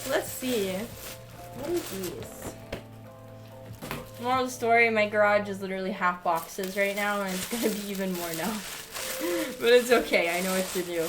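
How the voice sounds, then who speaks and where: A woman's voice: medium pitch, normal speed, pauses often, music in the background. A young woman livestreamer chatting casually as she unboxes packages, gushing and swearing freely. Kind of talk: casual chat while unboxing.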